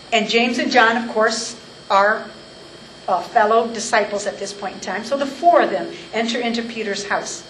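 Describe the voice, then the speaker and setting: A woman giving verse-by-verse Bible teaching, emphatic and slowing down to stress key phrases. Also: a little high, a bit bright, slight background noise. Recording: echoey room, mic at a distance.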